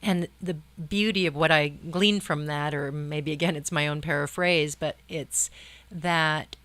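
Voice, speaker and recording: A woman's voice: low-pitched, fairly even intonation, unhurried, fairly bright tone, dry recording. A woman guest, a medical doctor, talking reflectively in an interview and often rephrasing mid-sentence. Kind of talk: conversational interview.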